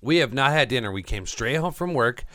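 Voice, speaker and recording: A man's voice: mid-range voice, expressive, fairly quick, pushed and bright, dry recording, clean studio sound. A man co-hosting a home podcast, chatting casually and playfully. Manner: playful, rambling. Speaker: podcast co-host. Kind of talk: casual chat.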